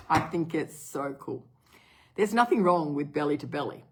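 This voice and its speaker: Chatty husky woman with a cough. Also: low voice, animated, a little slow, pauses often. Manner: chatty, rambling, lots of fillers. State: has a cough. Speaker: brand partner telling a customer story. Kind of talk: casual vlog storytelling.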